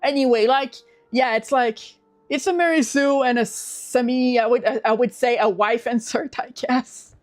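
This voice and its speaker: A young woman with a high voice rants casually to her livestream audience, swearing and restarting her sentences as she goes. Faint music plays quietly under her voice. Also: fairly even intonation, moderate pace. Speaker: livestream host.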